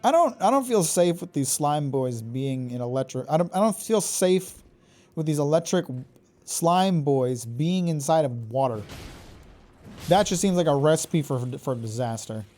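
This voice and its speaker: A man streaming a video game live, reacting excitably, swearing and taunting the enemies he fights. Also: fairly high pitch, normal speed. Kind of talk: live gameplay commentary.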